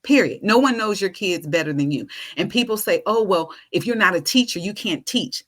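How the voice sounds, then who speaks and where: A woman's voice: medium pitch, lively intonation, fairly quick, fairly bright tone. A woman guest, an educator, talking casually and emphatically in a podcast conversation. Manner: emphatic and persuasive.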